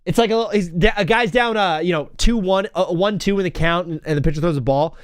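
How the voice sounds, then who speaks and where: A man's voice: sits high, quick pace, clear, resonant tone, no echo, studio quality. A young man hosting a live stream from home, rambling through stories and chanting old cheers. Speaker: host. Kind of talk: casual live-stream chat.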